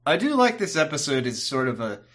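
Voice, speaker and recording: A man co-hosting a podcast, chatting about a TV episode in a rambling, halting way with wry asides. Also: a little high, very animated, a bit bright. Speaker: podcast co-host. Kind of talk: casual chat recapping a TV episode.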